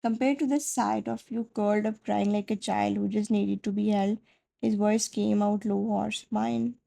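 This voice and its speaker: A woman narrating a second-person fan fiction story in a soft, dramatic storytelling manner. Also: mid-range voice, level tone, normal speed, vocal fry, poor audio.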